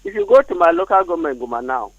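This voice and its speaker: A man with a Nigerian accent phoning in, speaking formally and haltingly as he searches for words. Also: fairly high pitch, expressive, no echo. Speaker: phone-in caller. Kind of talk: call-in opinion. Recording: dull dry phone line.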